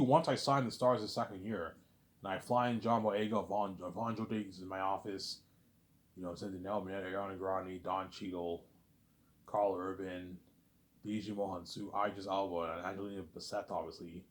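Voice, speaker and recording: A man with a low voice rants at a quick clip in a casual monologue. He rambles, repeats himself and swears freely, tacking "man" onto his lines. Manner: rambling, swears often, repeats words, says "man" a lot. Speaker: vlogger.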